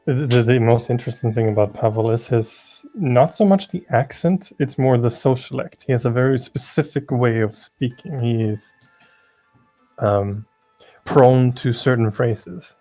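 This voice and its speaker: A man chatting with his gaming group, his voice dark and mellow. He explains things in a measured, thoughtful way and stumbles over repeated words as he hunts for the right phrasing. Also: medium pitch, soft background music. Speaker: game master. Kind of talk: casual chat.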